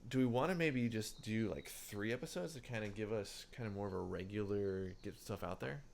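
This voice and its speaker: Low-voiced man chatting casually on a podcast. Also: brisk, vocal fry, darkish tone, a little hiss or hum. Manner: rambling, many fillers and restarts. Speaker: podcast co-host. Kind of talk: casual book-club chat.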